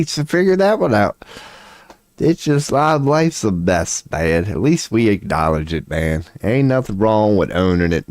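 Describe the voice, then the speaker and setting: A man's voice: medium pitch, no room sound, studio quality. A man, rambling casually on a stream at home, profane and self-mocking. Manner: profane, laid-back, self-mocking with frequent laughs.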